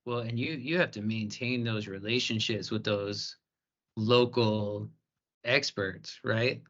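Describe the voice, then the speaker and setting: A man hosts a podcast in a relaxed, conversational way, stumbling over words as he frames his questions. His voice is a bit low but bright and forceful in tone. The recording sounds slightly dull. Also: slow pace. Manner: conversational, stammers when framing questions. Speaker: podcast host. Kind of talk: casual podcast interviewing. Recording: slightly muffled audio.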